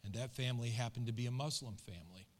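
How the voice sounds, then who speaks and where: A man's voice: medium pitch, fast, darkish tone. A middle-aged man, a pastor, telling a story in an earnest, emotional and colloquial sermon.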